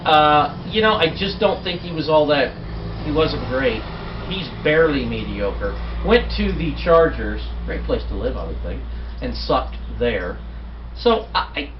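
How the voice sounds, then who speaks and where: A man's voice: on the high side, animated, a little slow, background noise. A man co-hosting a casual sports chat, joking and often trailing off mid-sentence. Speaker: co-host. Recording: distant, echoey, muffled home recording.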